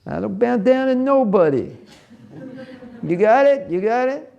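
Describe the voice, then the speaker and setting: A man doing a brash, defiant New York man with a thick New York accent. The put-on voice jumps up high and loud, with a gravelly edge. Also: lively intonation, measured pace, highs cut off, exaggerated voice.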